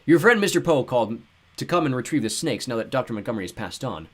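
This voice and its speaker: A man voicing a loud, brash, chubby man who talks bluntly and dismissively. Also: medium pitch, very animated, quick pace, slightly rough, pitched above the performer's own voice. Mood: booming brash. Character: booming brash chubby man, careless and smug.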